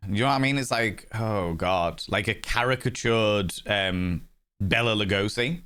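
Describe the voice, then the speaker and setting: A man's voice: lowish voice, moderate pace, fairly bright tone. A man streaming a game, chatty and rambling while he sets up settings. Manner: chatty, rambling and self-mocking. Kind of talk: casual live-stream commentary.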